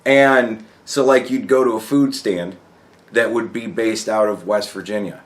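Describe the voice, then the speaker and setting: A man's voice: lowish voice, a little slow. A young man rambling casually in a vlog, swearing a lot, laughing often and acting out his stories. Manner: profane, laughs often, animated storytelling. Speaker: vlogger.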